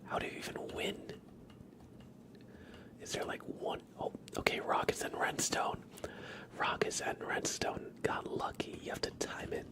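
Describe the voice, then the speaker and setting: A man hosting a live ASMR stream, giving whispered livestream commentary in a soft, low-key voice with a stuffy nose, close on the mic. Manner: soft whisper, slow and low-key, cheering on chat viewers.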